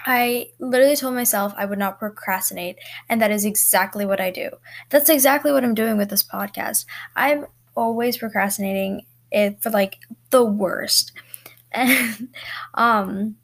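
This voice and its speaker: A teenage girl hosting her own podcast from home, chatting casually and rambling with lots of fillers and little laughs. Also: medium pitch. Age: teens. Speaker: podcast host. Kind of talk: casual solo podcast chat. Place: bedroom at home.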